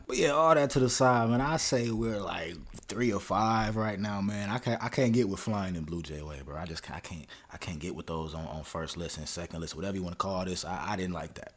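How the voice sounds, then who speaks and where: A man's voice: lowish voice, fast. A young man hosting a music reaction video, talking casually and animatedly to viewers. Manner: animated, talks straight to viewers with slang. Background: music playing.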